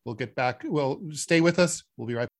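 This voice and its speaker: A man co-hosting a political podcast, chatting casually with dry, deadpan sarcasm. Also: medium pitch, moderate pace, very noisy. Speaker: podcast co-host.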